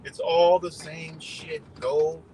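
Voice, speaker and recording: A man's voice: a little high, little pitch movement, slow pace, dark tone, slight background noise, poor audio. A man doing a rambling, profane political rant on a livestream, talking outdoors beside a road. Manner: heated, rambling, heavy swearing. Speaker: livestream host.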